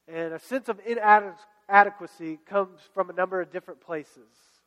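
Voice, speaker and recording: A pastor preaching a sermon to his congregation in a fairly high voice. He speaks in an exhorting way and circles back to repeat his key phrases. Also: moderate pace, a bit bright, big-room sound, rough recording. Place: church.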